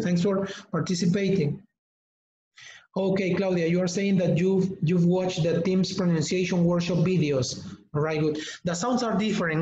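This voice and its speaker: A man hosting a live online teacher-training webinar, speaking slowly and deliberately, repeating words and calling on participants by name. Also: high-pitched, a little mellow. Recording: echoey, slightly muffled webinar audio.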